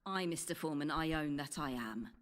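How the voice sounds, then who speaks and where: A woman's voice: low-pitched, fairly quick, natural voice. An actress playing a proper, earnest young Elizabethan woman at a consultation, speaking in formal old-fashioned phrasing. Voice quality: formal archaic diction. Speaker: patient at a consultation.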